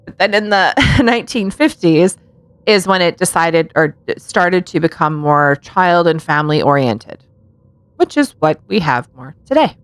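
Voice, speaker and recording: Woman, podcast co-host, fairly low voice, dry close sound, playful, laughs a lot, casual swearing. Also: lively intonation, moderate pace, clear, resonant tone, dry recording.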